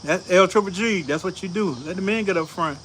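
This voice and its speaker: High-pitched guy, bright voice, laughing slangy porch storytelling, faint crickets behind. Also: brisk, slight background noise. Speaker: show host. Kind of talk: casual storytelling chat. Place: outdoors on a back porch.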